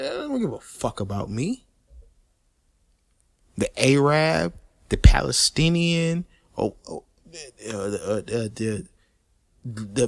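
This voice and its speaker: A man, ranting in a profane, repetitive, animated way. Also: a little high, vocal fry, no echo, clean studio sound. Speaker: podcaster. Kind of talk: unscripted rant.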